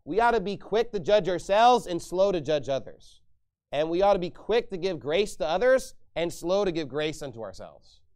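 A man preaching a sermon as pastor, emphatic, getting loud on his sarcastic points. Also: high voice, big pitch swings, normal speed.

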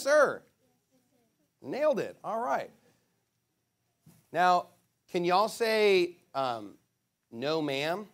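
A man preaching a sermon as pastor, playing a call-and-response game with children and talking playfully to the congregation. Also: high-pitched. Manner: lively, playful with kids, calls out to the crowd.

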